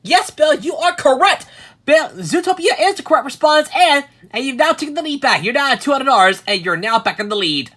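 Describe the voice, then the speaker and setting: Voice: sits high, animated, a little fast, a bit bright. A homemade quiz show host reading clues and scores in upbeat patter, stumbling and repeating words now and then. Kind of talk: hosting a homemade quiz show, voicing the contestants too.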